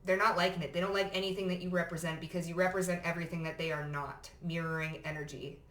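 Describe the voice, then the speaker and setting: A woman's voice: on the low side, little pitch movement, fast, distant mic. A woman giving a casual tarot card reading to camera in a blunt, profane and emphatic way. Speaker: psychic tarot reader. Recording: echoey room.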